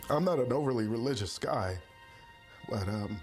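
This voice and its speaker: Male survivor interviewee; quiet, earnest, plain-spoken; faint music bed. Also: medium pitch, animated, normal speed. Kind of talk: documentary interview recollection.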